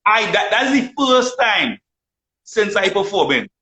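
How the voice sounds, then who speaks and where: A man's voice: high voice, big pitch swings, measured pace, sharp tone. A man hosting a live online show, telling stories and repeating his phrases. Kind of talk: casual live chat.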